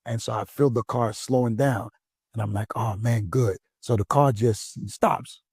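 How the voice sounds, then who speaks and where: Animated male pastor telling a story. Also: medium pitch, moderate pace, husky, no echo, studio quality. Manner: animated storytelling, acts out voices. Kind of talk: casual conversation.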